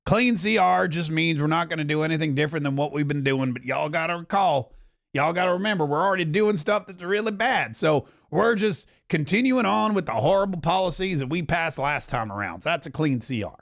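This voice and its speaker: A man imitating a middle-aged Southern congressman, explaining things in a slow, folksy drawl. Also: a little high, expressive, creaky, fairly bright tone. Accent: put-on Southern US drawl.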